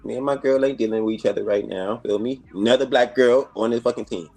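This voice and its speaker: A man's voice: mid-range voice, fairly even intonation, fast talker, darkish tone, faint music behind. A man arguing bluntly and with heavy profanity in a heated casual panel debate.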